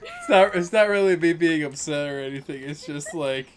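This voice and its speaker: A man streaming a game, chatting casually and joking with friends in a raspy voice. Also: fairly high pitch, animated, moderate pace, noisy background. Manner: joking, laughs a lot. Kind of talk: casual chat while gaming.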